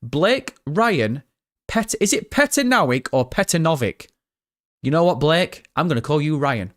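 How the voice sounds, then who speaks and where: A man's voice: fairly high pitch, sing-song, a little slow. A man doing a live-stream reaction, chatty, swearing casually and answering his chat as he goes. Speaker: gaming streamer.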